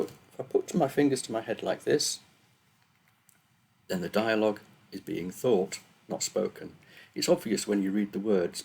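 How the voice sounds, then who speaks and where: A man with a low, gravelly, slightly husky voice reads his own story aloud to a camera. He opens with nervous, self-deprecating chat before settling into steady narration. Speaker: author reading own book. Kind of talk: book reading on video.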